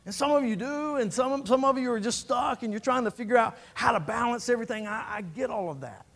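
A man's voice: very high-pitched, fairly quick, gravelly, a bit bright. A man preaching a sermon as pastor, fervent and building through repeated phrases.

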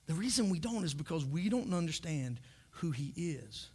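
A man's voice: high voice, expressive, a little fast, breathy edge. A man preaching a humorous sermon as pastor, joking and often repeating words as he starts sentences.

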